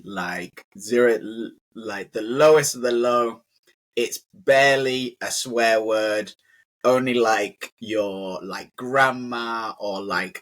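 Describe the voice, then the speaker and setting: A man's voice: fairly low pitch, a bit bright. A British man teaching English in a casual conversational lesson, chatty and full of "like" fillers.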